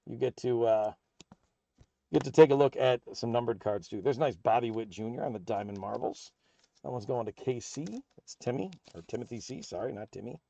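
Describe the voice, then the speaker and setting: A man hosting a live card break, calling out player names and teams as packs are opened in a steady, upbeat patter. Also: medium pitch, brisk, vocal fry, dull audio, a little hiss or hum. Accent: American.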